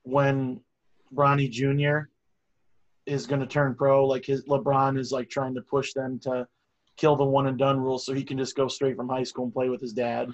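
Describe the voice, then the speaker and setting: Young dude co-hosting a podcast, crude, mocks people a lot. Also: male voice, medium pitch, completely flat delivery, normal speed, highs cut off. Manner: crude, mocking. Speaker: podcast co-host. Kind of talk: casual podcast chat.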